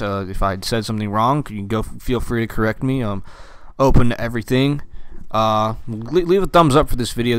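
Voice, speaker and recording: A man's voice: on the low side, clear, resonant tone, dry recording. A young man from the United States ranting casually to camera, profane and rambling with lots of fillers. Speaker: vlogger.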